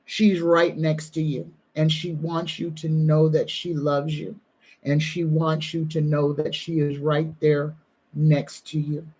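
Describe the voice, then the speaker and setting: A woman's voice: deep voice, flat delivery, darkish tone, breathy edge. A woman psychic medium giving an earnest, soothing live-stream reading, at times moved to the edge of tears. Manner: slow, earnest, soothing, emotional. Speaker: psychic medium and tarot reader.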